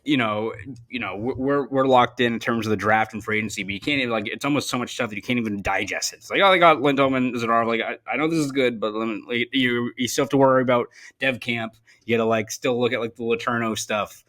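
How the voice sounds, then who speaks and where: A man's voice: mid-range voice, fast, fairly bright tone. A young man hosting a sports podcast, chatting casually and often repeating words as he thinks. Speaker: podcast host.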